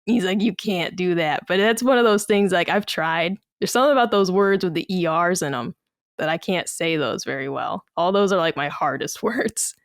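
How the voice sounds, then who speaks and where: On a podcast, a woman co-host with a Massachusetts accent chats casually, telling stories and quoting other people in lively asides. Her voice is lowish and moderately paced, recorded with studio quality and no echo.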